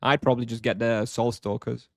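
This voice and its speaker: Man, live game streamer, easygoing chat with viewers, mid-pitched voice, dry close sound. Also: fairly quick, gravelly, dry recording. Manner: relaxed, thinks aloud with fillers and restarts, chuckles often. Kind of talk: casual live-stream chat, answering chat questions.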